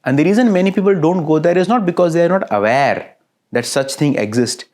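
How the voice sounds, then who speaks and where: A man giving a recorded lecture, talking in a lively way, stringing phrases into repeated lists and often checking in with short questions to his listeners. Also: fairly high pitch, brisk.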